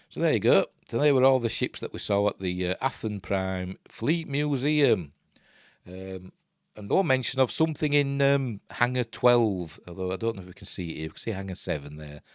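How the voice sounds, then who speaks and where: A man's voice: low voice, no echo, studio quality. A man with a Yorkshire accent, hosting a casual news live stream and reading out articles with chatty asides. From Yorkshire, England. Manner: chatty and digressive, breaks off into asides.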